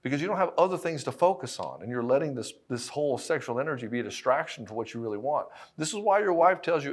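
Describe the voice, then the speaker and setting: A man's voice: mid-range voice, animated, fast, few pauses. Blunt, swearing man coaching husbands. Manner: blunt, profane and emphatic, addressing the listener directly. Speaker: relationship coach. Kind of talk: direct-to-camera monologue.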